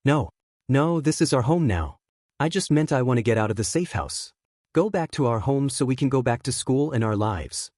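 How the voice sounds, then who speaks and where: A man reading the lines of a tearful, shaken teenage boy in a halting way. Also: medium pitch, expressive, a little mellow, no echo, studio quality, close to an everyday voice.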